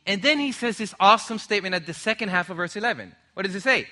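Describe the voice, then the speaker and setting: A middle-aged male preacher with a very bright, forceful tone and a slightly high voice. He presses his points hard and keeps throwing questions back to the congregation, building each point with emphatic repetition. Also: lively intonation, fast, hardly any pauses. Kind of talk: sermon.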